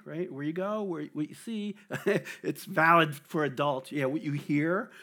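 A man's voice: a little high, animated, normal speed, sharp tone. A middle-aged man with a New Jersey accent, teaching from scripture in a casual, conversational way, laughing often and checking in with "right?". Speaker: lay preacher or Bible teacher. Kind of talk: casual Bible study talk.

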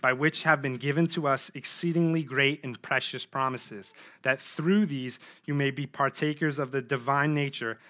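A man's voice: mid-range voice, sharp tone. A man giving a sermon, reading scripture aloud and then explaining it in a loose, conversational way with frequent fillers. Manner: informal, conversational preaching with many fillers. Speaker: preacher.

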